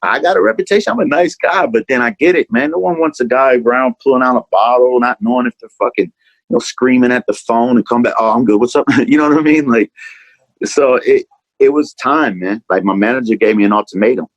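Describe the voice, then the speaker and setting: A man talks through a candid interview in a lowish voice. He rambles, swears easily, and keeps tossing in "man" and "you know." The recording is dry, with almost no room around it. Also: no echo, low-quality recording. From Atlanta, USA. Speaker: rapper, interview guest.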